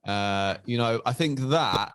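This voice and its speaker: A man's voice: medium pitch, slow, fairly bright tone, no echo. A man hosting a podcast, playful and laughing a lot as he chats. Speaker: podcast host. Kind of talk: casual chat.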